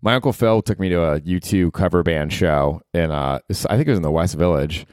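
A man's voice: low-pitched, a little fast, darkish tone, clean tone, dry recording, clean studio sound. A man hosting a podcast in a loose, rambling comedic monologue, swearing freely and slipping into mocking voices for people he quotes. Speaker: podcast host.

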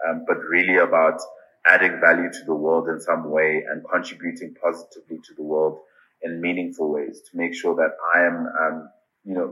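A man speaking as a podcast guest, earnest and deliberate, often pausing with ums and repeating "I really think". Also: sits low, bright, forceful tone, low-quality recording. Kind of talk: casual interview answers.

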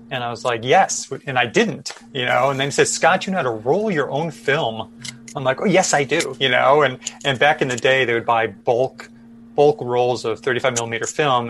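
A man's voice: medium pitch, a bit bright. A man, telling his career story as an interview guest, rambling with many fillers and restarts. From Chicago, USA. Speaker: podcast guest photojournalist.

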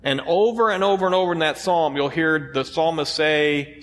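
A man's voice: fairly high pitch, fairly quick, few pauses, a bit bright, long reverb tail. A man preaching a sermon as pastor, conversational, asking the congregation rhetorical questions.

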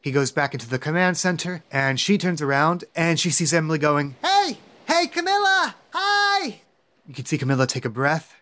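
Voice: mid-range voice, fast talker, hardly any pauses, fairly bright tone. A game master casually narrating a tabletop role-playing game.

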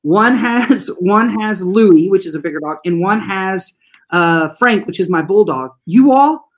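An animated school staffer tells classroom stories in an interview. The delivery is folksy and chatty, with listeners addressed as "y'all". The pitch sits in a middle range. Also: measured pace. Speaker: school trauma-informed support staff. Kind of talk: storytelling in an interview.

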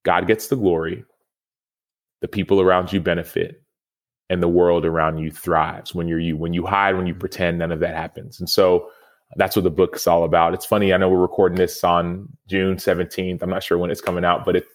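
A man in his thirties speaks with a notably low pitch. He is a podcast guest and former football player, earnest and reflective as he tells a personal story. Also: little pitch movement, brisk. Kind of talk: storytelling interview answer.

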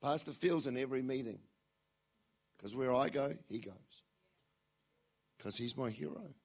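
A man preaching a sermon, telling stories with animated swings from loud to quiet. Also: mid-range voice, a little slow, gravelly.

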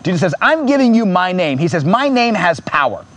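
Impassioned preaching man, slightly high voice. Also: sing-song, a little fast. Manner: impassioned, rising to near-shouts, repetitive preaching cadence. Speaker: pastor. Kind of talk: sermon. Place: church.

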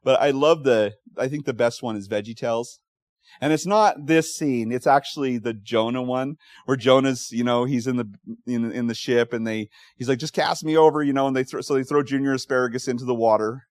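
Guy pastor preaching, animated storyteller, laughs a lot, dry close sound. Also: mid-range voice, fairly quick, no echo. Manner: animated storytelling, laughs often, acts out quotes. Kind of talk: sermon.

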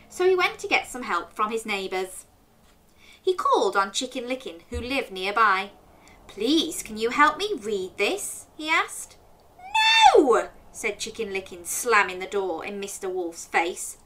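A woman in her thirties hosting a children's story show, reading a picture book aloud and asking the young listener questions. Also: medium pitch. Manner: animated, asks the listener questions and waits for answers.

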